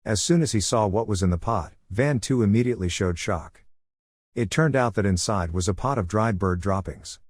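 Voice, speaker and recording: A man reading a scripted story recap in a flat, even narration style on a close mic. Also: fairly low pitch, moderate pace, no room sound.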